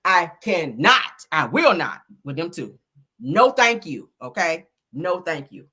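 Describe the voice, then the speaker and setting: A sassy woman hosting a gossip commentary vlog, with a voice that swoops up and down. Her tone is bright and a little husky. She leans hard on her phrases. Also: fairly low pitch, sing-song, slow pace. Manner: sassy and emphatic, full of "honey" and "child".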